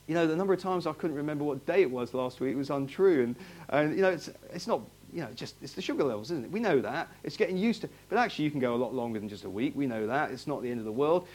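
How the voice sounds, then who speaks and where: A man preaches to his congregation in a loose, conversational way. He asks the room question after question and restarts his phrases as he goes. His voice sits a little on the high side. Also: animated, fast, a little mellow. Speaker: pastor. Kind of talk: sermon. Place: church hall, in front of a congregation.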